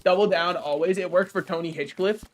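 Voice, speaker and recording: A man's voice: high voice, fairly even intonation, brisk. A young man streaming a game, joking and rambling casually and laughing at his own jokes. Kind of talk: casual gaming stream chat.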